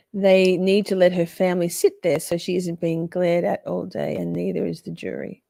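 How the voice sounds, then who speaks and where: A woman's voice: on the low side, level tone, unhurried, vocal fry, long pauses, dark tone, dry recording, studio quality. A woman streaming live reaction commentary on a trial, making crude, profane, joking asides and reading out chat.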